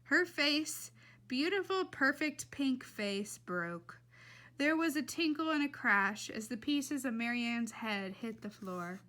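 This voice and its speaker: A woman reading a children's novel aloud in a lively, expressive way. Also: high voice, slow. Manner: lively and expressive, laughs between passages. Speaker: reader.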